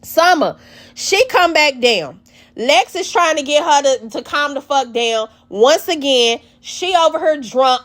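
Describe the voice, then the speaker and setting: A woman recapping a reality show in blunt, profane, animated casual talk. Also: high-pitched.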